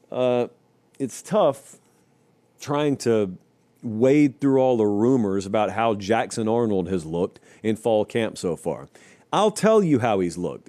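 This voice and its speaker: A man in mid-range pitch delivers solo college football commentary. His voice sits on the warm, dark side, and he talks emphatically, turning wry and mocking now and then. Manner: emphatic, rising to animated stretches when running through schedules. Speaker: host of a college football show. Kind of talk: solo sports talk commentary.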